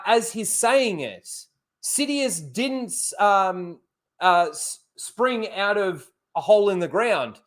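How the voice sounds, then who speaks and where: A man with a high voice hosts a casual live-stream talk show. He is animated and often trips over repeated words before getting his point out. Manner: animated, repeats words when starting a thought. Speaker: podcast host.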